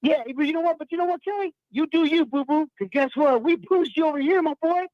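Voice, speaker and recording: A middle-aged man calling into a fan show, ranting loud and fired-up with slangy talk, from the US West Coast. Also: extremely high pitch, quick pace, no room sound, lo-fi sound. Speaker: caller. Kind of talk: call-in fan rant.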